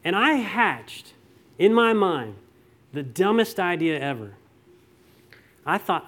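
A middle-aged pastor preaching a conversational sermon, telling stories and asking rhetorical questions. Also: male voice, sits high, big pitch swings, slow, pauses often, fairly bright tone.

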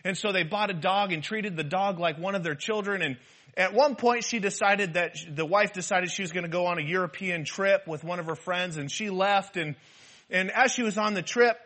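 A man preaching a sermon in an animated, humorous style, with rhetorical repetition. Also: high-pitched, moderate pace. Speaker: pastor.

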